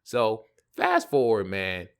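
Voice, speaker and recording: A man's voice: lowish voice, wildly swooping pitch, slow pace, gravelly, clear, resonant tone. A man hosting a podcast, telling casual stories from his childhood in slangy, profane talk and laughing at his own jokes. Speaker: podcast host. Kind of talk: casual storytelling monologue.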